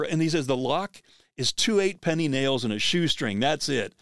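A man hosting a podcast, telling a story in an animated way, acting out the quoted speech of the people in it. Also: a little high, normal speed, dry recording, studio quality.

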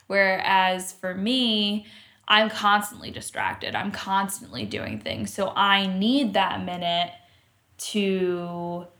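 A woman's voice: mid-range voice, slow, pushed and bright. A young adult woman co-hosting a podcast, talking frankly in casual chat and telling stories with a swear or two. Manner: frank, chatty storyteller who swears. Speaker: podcast co-host.

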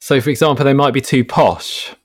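A man, an author guest explaining his work in a relaxed, storytelling way. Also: mid-range voice, brisk. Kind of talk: casual conversational interview.

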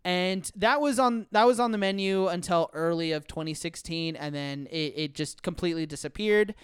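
A man's voice: high voice, normal speed, clean tone, no room sound, clean studio sound. A man hosting a casual podcast chat, rambling with lots of fillers and frequent laughs. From United States. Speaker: podcast host.

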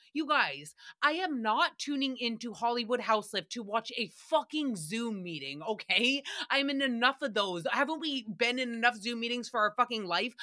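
A woman hosts a podcast in loose recap chat, sarcastic and animated, swearing freely. Her voice sits a little high and rings bright and sharp. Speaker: podcast host.

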